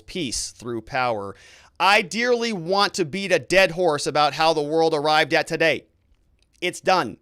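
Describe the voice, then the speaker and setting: A man's voice: a little high, fairly bright tone, smooth, no room sound, clean studio sound. A man hosting a casual livestream, reading viewer comments aloud and answering them in a blunt, opinionated way with irritated asides. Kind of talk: casual live-stream commentary.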